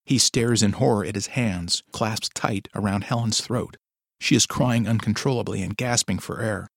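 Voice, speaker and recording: A man narrates a dark tale in a low, measured storytelling voice. His tone carries a gravelly fry and sits on the lower side. The recording is close and dry. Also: dry recording. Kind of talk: dramatic audiobook narration.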